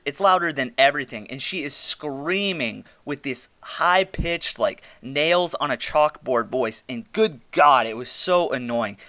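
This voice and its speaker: A man hosts a casual review podcast and talks through it in blunt, exasperated rants with plenty of swearing. His voice is bright and crisp, and it sits close and dry with no room echo. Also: on the high side. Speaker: podcast host reviewing wrestling.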